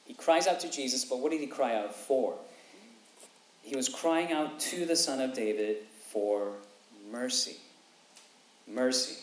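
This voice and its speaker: Male preacher, 30s to 40s, mid pitch, animated and repetitive, echoey room. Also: normal speed. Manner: animated, repeats phrases for emphasis, acts out quotes. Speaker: pastor. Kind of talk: sermon. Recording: echoey room, faint ambience.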